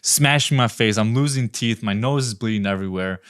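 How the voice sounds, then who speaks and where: A man's voice: fairly low pitch, brisk, fairly bright tone, clean tone, dry recording, studio quality. A man on a podcast, rambling through a crude, absurd comic story with lots of swearing. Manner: rambling, profane, tells absurd stories. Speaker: podcast panelist. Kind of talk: casual comedic storytelling.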